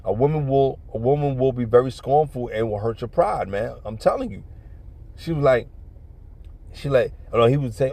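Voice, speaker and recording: Gravelly streetwise man preaching. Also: medium pitch, expressive, normal speed, dark tone. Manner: profane, streetwise, fills talk with "man" and "you know what I'm saying"; earnest religious exhortation. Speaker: vlogger giving life advice. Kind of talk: casual storytelling and preaching.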